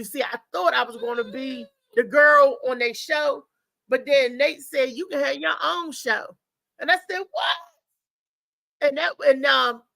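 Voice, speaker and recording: A woman's voice: high voice, gravelly, pushed and bright, no echo, low-quality recording. A woman hosting a live show, chatting loosely and talking straight to her viewers. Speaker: host. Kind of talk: casual live show chat.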